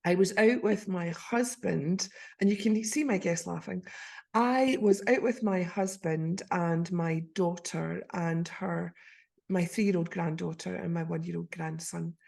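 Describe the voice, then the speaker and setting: Brief: older Scottish woman, podcast host, husky voice, warm effusive storyteller. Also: lowish voice, unhurried. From Scotland. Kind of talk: casual storytelling chat.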